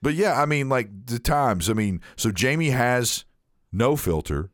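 A man's voice: mid-range voice, lively intonation, measured pace, no room sound, studio quality. A young man co-hosting a casual podcast, telling funny work stories and laughing between lines. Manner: laughing storyteller, blurts jokes. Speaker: podcast co-host.

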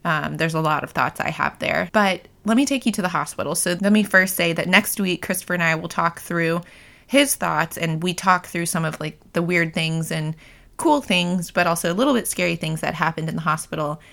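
Chatty woman with a lower voice. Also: fairly quick, vocal fry, a bit bright. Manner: chatty, frequent "like" fillers, laughs easily. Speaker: podcast host. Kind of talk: casual personal chat.

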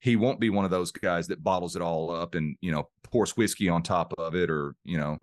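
Middle-aged male guest with a very low voice, earnest and emotionally open, dry close mic. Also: a little fast, no room sound. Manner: earnest, open about emotion, repeats words while searching. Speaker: podcast guest, mind coach. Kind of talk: reflective interview storytelling.

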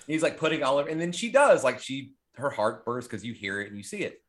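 A man's voice: medium pitch, sing-song, quick pace, a bit bright. Rambling, profane man chatting casually. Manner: rambling and profane, with many fillers. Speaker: podcast host. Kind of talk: casual horror movie chat.

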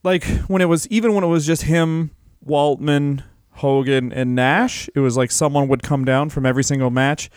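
Wry, clear-voiced podcast co-host man. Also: a little high, moderate pace, no echo, clean studio sound. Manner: wry, deadpan jokes. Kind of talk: casual comedic chat.

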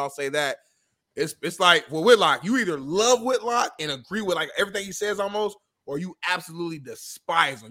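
A male co-host of a sports talk show, talking quickly and reflectively in casual chat. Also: fairly high pitch, sharp tone. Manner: quick, reflective, repeats himself.

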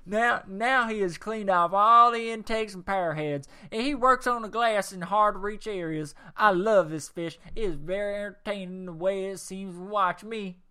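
A man putting on a loud Texas drawl. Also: high voice, normal speed, few pauses, clean tone. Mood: gushing. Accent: Texas (put on). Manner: exaggerated, loud and hammy. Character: drawling male Texan fish-keeper.

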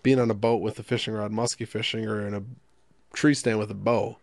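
Rambling young man on radio, gravelly. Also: lowish voice, flat delivery, brisk, no echo. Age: young adult. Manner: rambling, self-deprecating, joking. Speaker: co-host. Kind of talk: casual radio chat.

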